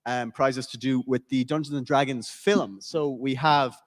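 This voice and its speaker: An Irish man playing in a live tabletop game podcast on a convention stage, chatty and joking, making quick asides to the audience. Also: medium pitch, steady tone. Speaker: player. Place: large convention auditorium.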